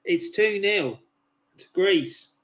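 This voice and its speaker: A man co-hosting a football watch-along, relaxed and reading out viewer comments. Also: sits high, slow.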